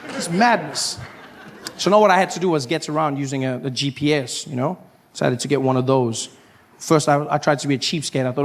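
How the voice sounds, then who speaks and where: A man doing stand-up comedy, telling an animated story and acting out the voices. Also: medium pitch, a little fast. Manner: animated, acts out voices and shouts.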